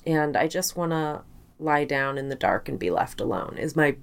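A woman's voice: low-pitched, expressive, moderate pace, vocal fry. A woman in her thirties co-hosting a podcast in casual chat, hungover and self-mocking. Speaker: podcast co-host.

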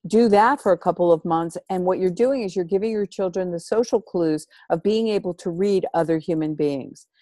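A woman's voice: on the low side, moderate pace, hardly any pauses, warm tone, no room sound, clean studio sound. A woman host in a podcast conversation, talking about parenting in an emphatic, instructive way and repeating her key phrases.

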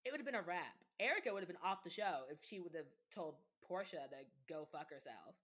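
A woman's voice: fairly low pitch, quick pace. Chatty woman gossiping, laughing. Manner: chatty, animated, laughs often, quotes people in voices. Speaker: podcast guest. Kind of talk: casual chat about reality TV.

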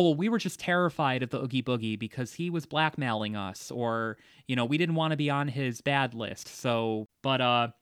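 A man's voice: mid-range voice, fairly bright tone, clean tone, no room sound, clean studio sound. A man hosting a casual movie discussion, chatty, with frequent laughs and fillers. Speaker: podcast host.

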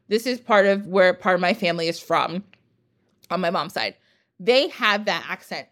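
A woman's voice: medium pitch, fairly bright tone. Woman podcast host, casual chatty delivery, enthusiastic, wanders off on tangents.

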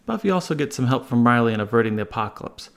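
A man's voice: medium pitch, animated, racing, vocal fry. A man reading a scripted, wry and jokey episode recap. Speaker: podcast contributor.

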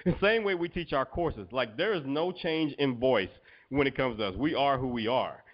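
A man co-hosting a podcast in relaxed casual chat, laughing often and leaning on "you know". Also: medium pitch, moderate pace. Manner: laid-back, laughs often, says "you know" a lot. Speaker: podcast co-host. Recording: dull, muffled audio.

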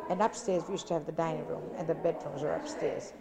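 An older woman from Italy, talking about her past in an interview in a rambling, repetitive, animated way. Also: low voice, fast talker. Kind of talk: casual reminiscing. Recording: crowd chatter behind.

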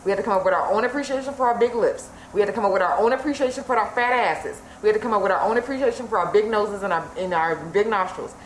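A woman's voice: medium pitch, fast, hardly any pauses. A woman co-hosting a podcast in casual chat, talking emphatically and repeating her points, with some profanity. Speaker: podcast co-host. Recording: echoey room with faint noise.

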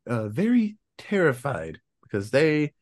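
A man's voice: mid-range voice, measured pace. A man casually recapping a movie plot on a podcast, acting out the characters' lines as he goes. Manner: animated storyteller, acts out characters' lines. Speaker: podcast host.

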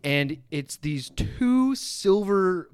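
A man's voice: sits high, extremely slow, smooth, dry recording, studio quality. A man co-hosting a podcast, chatting casually about a movie and laughing often. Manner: giggly, animated, laughs often. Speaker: podcast co-host. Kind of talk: casual chat recapping a movie.

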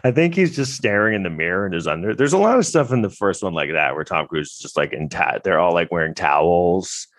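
A man's voice: sits low, lively intonation, brisk, few pauses, no echo. A man vlogging casual movie commentary in a rambling, wry way with lots of fillers.

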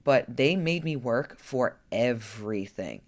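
Her voice rumbles low, with lively intonation and a slow pace, as this woman coach talks candidly in a personal vlog. She's chatty and frank, sometimes cursing and asking rhetorical "right?" questions.

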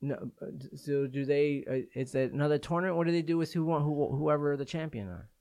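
A man's voice: on the high side, a little fast, a little mellow, dry recording. Easygoing male podcast host, dry sound. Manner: easygoing, asks questions. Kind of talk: casual chat.

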